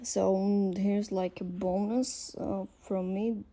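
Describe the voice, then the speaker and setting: A woman's voice: mid-range voice, fairly even intonation, slow pace, warm tone. A woman from Slovakia, teaching her language and explaining each point patiently, step by step.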